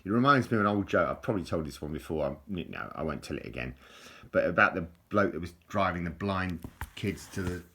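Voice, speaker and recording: A man's voice: low-pitched, lively intonation, brisk, sharp tone. A man from England chatting casually over holiday photos, self-mocking and joking, with frequent restarts and laughter. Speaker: vlogger showing holiday photos. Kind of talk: rambling casual chat.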